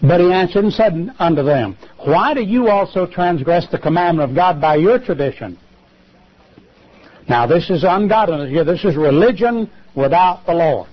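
A man preaching a sermon on television, emphatic, with rhetorical questions and sudden jumps in pitch. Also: lively intonation, normal speed, husky. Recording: lo-fi television broadcast.

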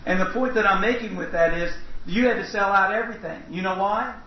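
A man preaching a sermon, reading long scripture passages aloud and breaking in with quick questions to the congregation. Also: high voice. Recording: roomy, distant, dull lo-fi sound with faint noise.

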